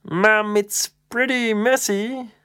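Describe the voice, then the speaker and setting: A woman's voice: mid-range voice, fairly even intonation, slow, fairly bright tone, clear, resonant tone, voice pushed up. A woman voicing a flustered young schoolboy, stammering and sheepish.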